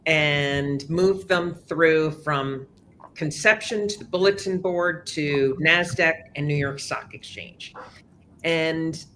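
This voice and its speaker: Steady man giving business advice. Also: fairly high pitch, slight background noise. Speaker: panelist, communications advisor. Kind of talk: panel discussion.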